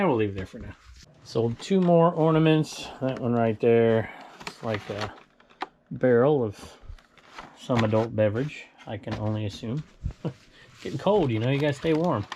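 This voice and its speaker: A man's voice: medium pitch, creaky, mellow, a little hiss or hum. A man selling items online, chatting casually and rambling as he walks through his storage bins, chuckling to himself now and then. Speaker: online reseller showing sold items. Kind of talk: casual vlog walkthrough. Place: indoor storage room with bins.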